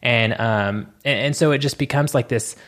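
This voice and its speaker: A man's voice: mid-range voice, moderate pace, a bit bright. A man co-hosting a faith podcast, a stage performer reflecting in a rambling, hesitant way. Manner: rambling, lots of fillers and restarts, reflective. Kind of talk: casual reflective podcast chat.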